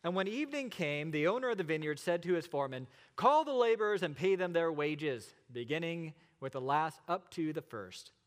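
A middle-aged male pastor preaching a sermon, asking rhetorical questions and pausing for effect. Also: a little high, expressive, long reverb tail. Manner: expository preaching with rhetorical questions and dramatic pauses.

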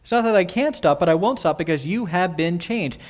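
Man, sermon, earnest, slightly high voice, rhetorical questions. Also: animated, fairly quick. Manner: earnest, repeats key phrases, asks the listeners rhetorical questions. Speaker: pastor. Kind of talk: expository sermon.

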